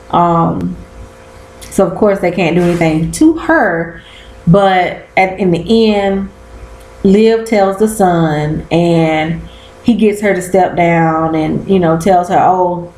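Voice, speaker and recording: Animated slangy woman recapping a show. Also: fairly low pitch, unhurried, roomy sound, poor audio. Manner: animated, slangy, cussing, acts out quotes. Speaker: vlogger recapping a TV episode. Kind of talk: casual chat.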